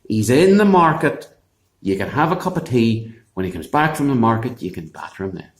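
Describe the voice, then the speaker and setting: A man voicing a crafty wife, hushed and soothing. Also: mid-range voice, very animated, a little fast, close to an everyday voice. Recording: echoey room.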